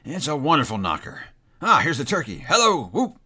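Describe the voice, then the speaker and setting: A man's voice: mid-range voice, very animated, fairly quick, sharp tone, full character voice. A man reading aloud and voicing an elderly reformed miser who is now jolly and effusive. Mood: jubilant. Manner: jolly, effusive, growls in mock sternness. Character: old male miser, newly joyful and generous.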